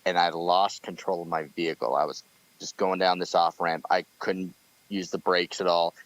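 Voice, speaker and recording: A man's voice: low voice, fairly even intonation, normal speed, highs cut off. A man calling in to a radio show, earnestly recounting a personal story. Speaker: caller.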